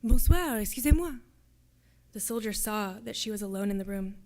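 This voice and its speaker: A woman's voice: medium pitch, fast. Woman reading her story aloud. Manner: steady, descriptive storytelling. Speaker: graduate student reader. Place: lecture hall.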